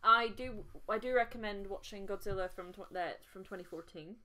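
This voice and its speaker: A woman's voice: mid-range voice, a little fast, sharp tone. A woman co-hosting a casual film podcast, speaking hesitantly with frequent fillers. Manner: hesitant, many fillers and restarts, recommending films. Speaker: podcast co-host.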